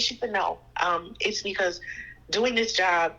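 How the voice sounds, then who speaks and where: A woman's voice: medium pitch, moderate pace, poor audio. A woman guest telling personal stories in a conversational way, acting out other people's lines. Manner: animated, quotes people in voices. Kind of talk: conversational storytelling.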